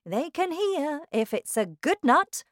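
A woman voicing a brisk, eccentric grown man who runs a chocolate factory. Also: sits high, sing-song, dry recording, clean studio sound, voice pushed up, full character voice. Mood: explaining.

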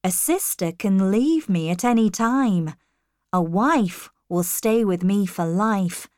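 A woman reading the lines of an earnest, serious young male missionary in a calm, measured way. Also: mid-range voice, no room sound, studio quality.

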